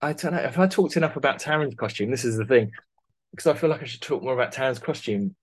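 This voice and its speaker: A man's voice: mid-range voice, fast talker. A man, a costume designer talking casually in an interview, rambling with many restarts. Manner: rambling, many restarts, laughs through stories.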